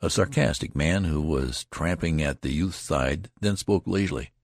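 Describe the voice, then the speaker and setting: A man reading a classic novel aloud as an audiobook narrator, in measured, even storytelling. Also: rumbling low, no room sound, clean studio sound.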